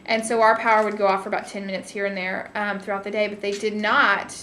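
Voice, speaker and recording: A woman's voice: medium pitch, little pitch movement, fast talker, pushed and bright. Lady chatting on a vlog, lots of ums, echoey room with a little hiss. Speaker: co-host of diet vlog. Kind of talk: casual chat. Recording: echoey room, faint noise.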